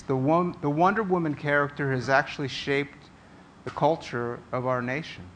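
A male pastor delivers a sermon in an earnest, conversational way, often circling back to restart a phrase. His voice sits a little high for a man. Faint ambient noise hangs behind him. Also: fairly bright tone.

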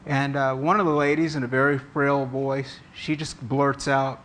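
A man's voice: medium pitch, level tone, normal speed, a bit bright. A man preaching a sermon as pastor, earnest and conversational, often restarting his phrases.

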